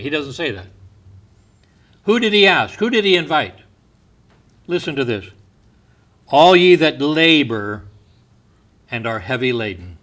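Male pastor, sermon delivery, slightly high voice, unhurried, hushed on quotes. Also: very animated. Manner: slow, deliberate delivery, dropping soft on quoted words. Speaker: preacher.

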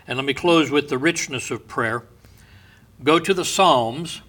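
Bright-voiced male pastor preaching. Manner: unhurried storyteller, often dropping to a soft, low voice. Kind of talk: sermon.

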